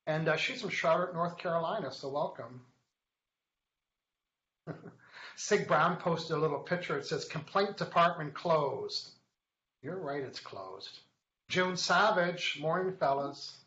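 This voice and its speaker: A man's voice: fairly high pitch, animated, unhurried, pauses often, pushed and bright. A man hosting a live online show, chatting casually, joking and reading viewer comments aloud as he teaches. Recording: echoey, dull lo-fi webcast sound.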